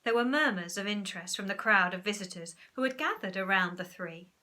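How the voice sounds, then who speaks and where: A woman teacher, reading a storybook aloud in an animated, expressive way. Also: medium pitch, a little fast.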